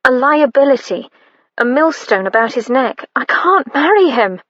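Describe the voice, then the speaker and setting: A quiet young widow, subdued and terse, sad and withdrawn, as a woman narrator reads her. Her voice sits slightly high. The storybook read is dry and a bit muffled. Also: expressive, normal speed, dry recording.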